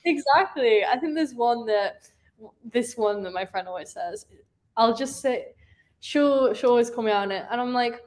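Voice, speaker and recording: A woman's voice: on the high side, animated, normal speed, a little mellow. A woman in her twenties with a British accent, a chatty guest who laughs easily and says "like" a lot. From United Kingdom. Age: 20s. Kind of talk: casual interview chat.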